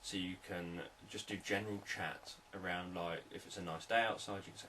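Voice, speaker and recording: A man, a hypnotherapist, explaining sales techniques in a calm, repetitive, unscripted teaching talk. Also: low-pitched, normal speed, few pauses, recorded from a distance, slight background noise, low-quality recording.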